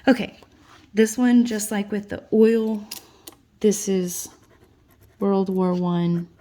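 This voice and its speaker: A woman teacher, tired late at night, slowly and patiently walking students through their notes in a recorded lesson. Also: medium pitch, dark tone, slight background noise. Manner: slow, patient explaining.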